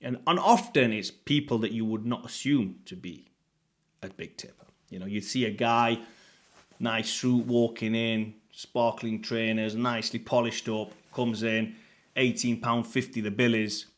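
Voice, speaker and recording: A man in his late thirties from the UK, talking casually to camera as a fitness coach, blunt and sweary with lively swings in pitch and loudness. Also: a little slow. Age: 30s.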